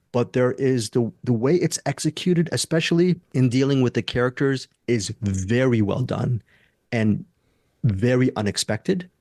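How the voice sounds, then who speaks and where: A man's voice: medium pitch, darkish tone, no echo, studio quality. A man hosting a casual movie review podcast, talking enthusiastically and rambling with restarts. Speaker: podcast host.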